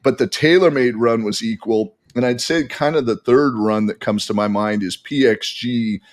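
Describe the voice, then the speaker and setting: A man in a casual podcast chat, telling long stories in an animated, rambling way. His voice sits at a middle pitch. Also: moderate pace. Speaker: golf equipment testing guest.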